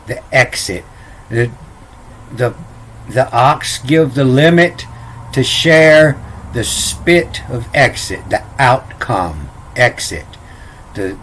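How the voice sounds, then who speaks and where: A man talks slowly through an unscripted explanation, often stalling and repeating himself before he spells out letters one by one. His pitch is ordinary for a man. A faint hum runs under the voice. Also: fairly bright tone. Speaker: self-taught lecturer.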